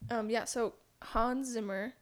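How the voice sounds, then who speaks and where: A woman's voice: fairly high pitch, steady tone, measured pace. A young adult woman co-hosting a podcast, chatting casually and sharing trivia with plenty of fillers. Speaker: podcast co-host. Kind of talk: casual chat.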